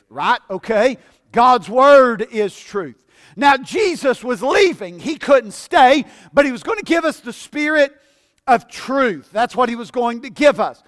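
A man preaching a sermon in a church service, swinging from shouted fervor to low, conversational teaching. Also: lively intonation, a little slow.

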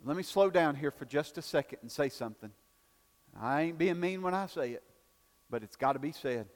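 A man preaching a folksy sermon, building to shouted emphasis and calling for amens in a church. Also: fairly high pitch, lively intonation, normal speed, big-room sound. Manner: folksy, rising to shouted emphasis, calls for amen.

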